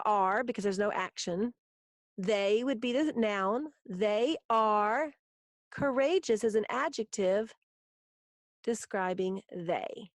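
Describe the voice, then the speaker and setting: Slow, patient woman teaching grammar. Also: a little high, dry recording, clean studio sound. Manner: slow, patient, spells out each step. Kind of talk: recorded grammar lesson.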